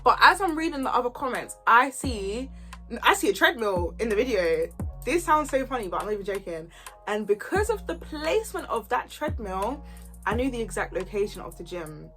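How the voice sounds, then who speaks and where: A woman, telling a story in an animated, chatty, slangy way. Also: a little high, moderate pace, soft background music. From Kent, England. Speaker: YouTuber. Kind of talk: storytime vlog chat.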